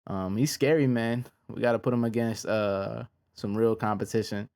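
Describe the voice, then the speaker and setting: A man casually reviewing fight results in a laid-back, slangy way, with frequent pauses. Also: fairly low pitch, steady tone, creaky, a little mellow. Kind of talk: casual reaction commentary.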